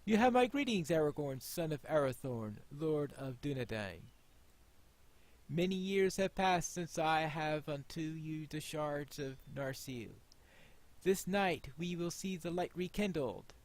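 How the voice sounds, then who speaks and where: A man voicing a stately ancient elf lord, reading game dialogue in a slow, formal, lowered voice. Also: lively intonation. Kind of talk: reading quest dialogue aloud.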